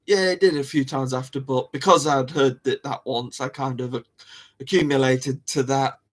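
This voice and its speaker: A man hosting a livestream, chatting casually to viewers in a rambling way, often laughing and repeating himself. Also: medium pitch. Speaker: livestream host. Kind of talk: casual chat to live viewers.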